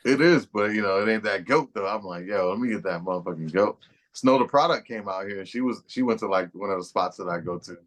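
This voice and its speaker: A man's voice: lowish voice, fast, few pauses. A man co-hosting a podcast in laid-back, profane casual banter. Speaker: podcast co-host.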